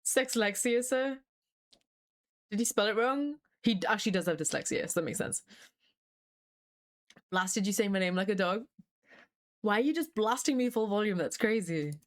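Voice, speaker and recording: A woman's voice: medium pitch, animated, normal speed, long pauses. Chatty young woman streamer. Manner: chatty and scattered, swears freely, laughs often. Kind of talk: casual live-stream chat.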